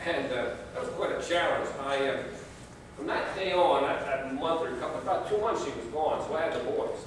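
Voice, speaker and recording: Folksy pastor preaching in echoey church. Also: male voice, on the high side, brisk, a little hiss or hum. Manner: folksy storytelling with humor. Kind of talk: sermon. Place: church sanctuary. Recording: distant mic in echoey church.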